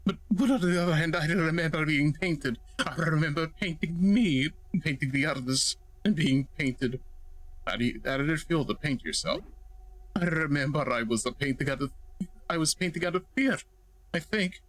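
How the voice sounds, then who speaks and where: A man's voice: a little high, moderate pace, fairly bright tone, no room sound, pitched above the performer's own voice. A man doing a stammering, frightened recluse. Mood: uncertain. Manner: shaky, stammering, apologetic. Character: frightened, paranoid man hiding in a closet. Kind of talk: voicing game dialogue for a let's play.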